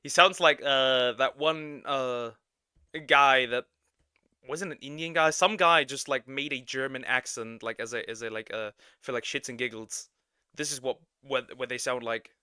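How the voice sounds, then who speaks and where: Young male streamer, very bright tone, dry close sound, exasperated and profane. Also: mid-range voice, steady tone, unhurried, clean tone, dry recording. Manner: loud, exasperated, swearing rant. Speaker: streamer reacting to a clip. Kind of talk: reaction commentary.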